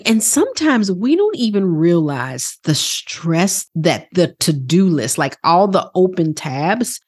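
A woman's voice: on the low side, breathy edge. A woman hosting a motivational podcast as a wellness coach, talking earnestly and casually swearing, who often slips into quoted inner voices. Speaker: wellness coach and program host.

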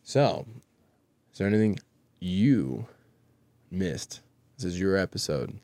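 A man's voice: low voice, big pitch swings, slow pace, dark tone, no echo. A man hosting a podcast, prompting his guest in a laid-back, slangy way. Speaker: podcast host. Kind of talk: casual chat.

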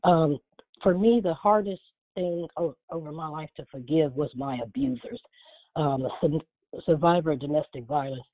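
Woman caller, earnest halting testimony; dry, phone-line quality. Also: low voice, animated, no room sound. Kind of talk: personal testimony.

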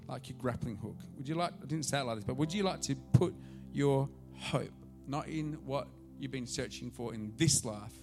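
A man preaching a sermon as pastor, telling a story and swinging from hushed asides to loud, excited calls. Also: medium pitch.

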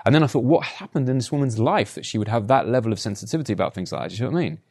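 A man's voice: medium pitch, expressive, rapid-fire, hardly any pauses. A man giving a conversational sermon, telling personal stories and often adding tag questions like "right?". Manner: chatty, anecdotal, frequent tag questions. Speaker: preacher.

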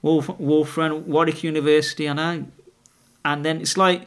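A man's voice: fairly high pitch, flat delivery, normal speed, smooth. A middle-aged man, a podcast guest telling long rambling stories in casual talk, with many restarts and tag questions. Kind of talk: casual conversational storytelling.

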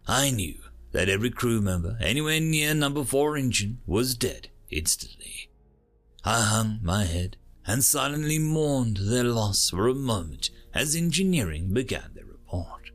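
A man narrating a dramatic first-person story, sometimes dropping into hushed tones. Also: mid-range voice, sing-song, unhurried. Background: faint music.

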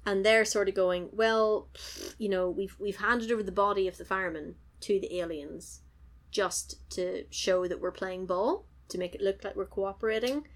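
Woman recapping an episode, animated, acts out the quotes, middle pitch. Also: normal speed. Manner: animated storytelling, acting out quotes. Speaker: podcast co-host. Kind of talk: casual recap chat.

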